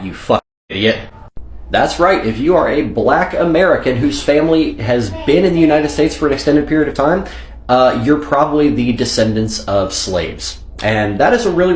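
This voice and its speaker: Sarcastic, cursing commentator in an echoey room. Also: male voice, mid-range voice. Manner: sarcastic, profane, scolding. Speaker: reaction video host. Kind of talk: reaction commentary.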